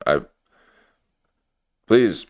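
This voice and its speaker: A man hosting a live watch-party stream, joking and rambling through reaction commentary with lots of filler words. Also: drawn-out words. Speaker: livestream watch-party host.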